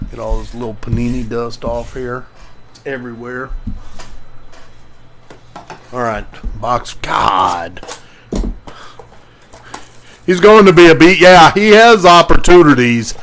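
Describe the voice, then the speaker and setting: Slow-talking man hosting a live card break. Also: medium pitch, lively intonation, a bit bright. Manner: calls out player names while opening packs, greets viewers by name.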